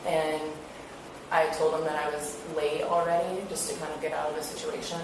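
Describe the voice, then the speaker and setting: A woman's voice: sits low, level tone, fairly quick. A young woman casually retelling events, chatty and full of fillers, acting out what others said. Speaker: interviewee recounting an incident. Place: interview room. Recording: echoey room, far from mic, hiss.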